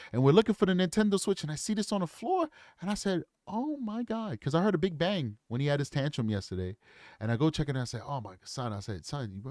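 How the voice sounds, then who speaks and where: Guy in his 40s, preachy casual commentary, kinda high voice, dry close sound. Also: a little mellow, dry recording. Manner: earnest, lecturing, repeats himself. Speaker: true crime commentator.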